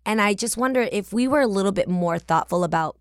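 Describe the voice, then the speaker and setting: A woman's voice: medium pitch, expressive, fast talker, dry recording. A woman in her forties from the Bay Area, hosting a podcast in a chatty, playful, candid and reflective monologue at a studio mic. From San Francisco Bay Area. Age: 40s. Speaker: podcast host.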